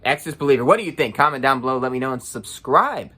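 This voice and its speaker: Young male vlogger, bright forward voice, blunt sarcastic ranter with a foul mouth. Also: mid-range voice, expressive, fast talker, slightly rough. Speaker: movie review vlogger. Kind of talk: casual ranting review.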